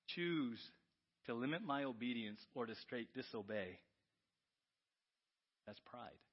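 A pastor delivers a sermon, alternating between loud, pressing questions and soft, confiding asides. His voice is male, medium in pitch and slightly rough, and the audio sounds dull.

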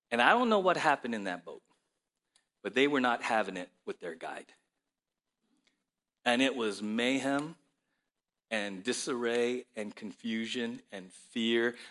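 A male pastor preaching a sermon with animated storytelling and frequent rhetorical questions to his listeners. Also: mid-range voice.

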